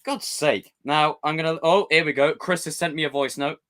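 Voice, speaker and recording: Fairly high in pitch and moderately paced, this man hosts a casual live stream, chatting and joking with his viewers. He comes across as animated and jokey, talking straight to chat.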